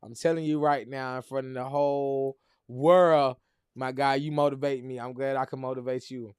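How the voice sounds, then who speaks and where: A man's voice: medium pitch, little pitch movement, moderate pace, clean tone, no echo. A man hosting a casual chat show, joking and teasing his co-host. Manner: playful, teasing banter.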